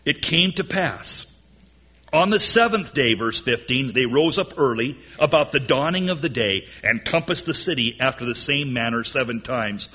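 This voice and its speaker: A man preaching a sermon in an animated way, his voice rising loud on key lines. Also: medium pitch, moderate pace, husky, muffled recording. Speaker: pastor.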